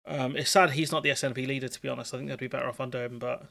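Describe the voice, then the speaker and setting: A man talks politics in a loose, opinionated way on a live stream. His voice has a gravelly edge, and it sits at an ordinary middle pitch. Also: rapid-fire. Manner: relaxed, opinionated commentary. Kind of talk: casual political chat.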